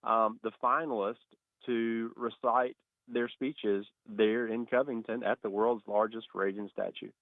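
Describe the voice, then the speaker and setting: A man who is a state education official, answering radio interview questions over the phone in a steady, measured way with frequent fillers. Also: mid-range voice, dry recording. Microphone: phone call. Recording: tinny phone line, dry.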